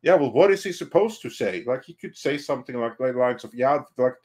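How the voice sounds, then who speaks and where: A man with a Norwegian accent chats as a panelist on a live stream. He reads viewer messages in a relaxed, hesitant way, with lots of fillers. His voice sits at a middle pitch. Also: brisk. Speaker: podcast panelist. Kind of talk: casual live-stream chat.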